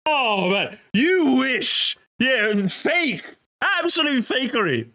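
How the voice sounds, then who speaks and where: A young man streaming, reacting to a video with excitable, mocking commentary, laughing often and swearing. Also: very high-pitched, slow pace.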